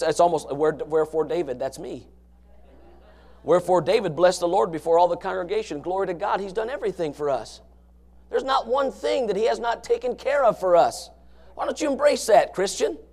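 A man preaching a fiery sermon, swinging from low murmurs to shouted passages in a folksy, emphatic way. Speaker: pastor.

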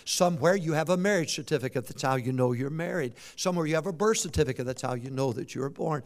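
An older man from Michigan preaching a revival sermon, swinging from shouts to quiet folksy storytelling with humorous asides. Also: fairly high pitch, fast. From Michigan, USA. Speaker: visiting preacher.

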